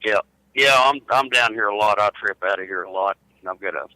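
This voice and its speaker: A man's voice: on the low side, brisk, sharp tone, no room sound, low-quality recording. A middle-aged man, chatting casually by phone and restarting his words as he drawls along. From United States. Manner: drawling, repeats words when starting. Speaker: truck driver calling in. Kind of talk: casual chat.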